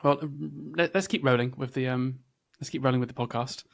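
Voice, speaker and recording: A man's voice: medium pitch, fairly quick, creaky. A man co-hosting a podcast, bantering and teasing with a giggly manner. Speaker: podcast co-host. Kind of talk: casual chat.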